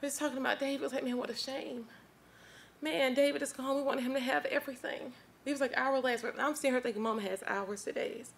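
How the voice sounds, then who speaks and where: A woman's voice: high voice, fairly even intonation, fast talker, creaky, a little hiss or hum. A woman giving an earnest, heartfelt church testimony, speaking straight to the congregation.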